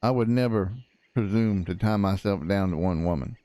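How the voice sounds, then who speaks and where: Man, low and mellow, smooth. Plays a rambling, folksy old frontier prosecutor full of asides. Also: moderate pace, no room sound. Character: cranky old frontier lawyer. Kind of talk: in-character roleplay chat.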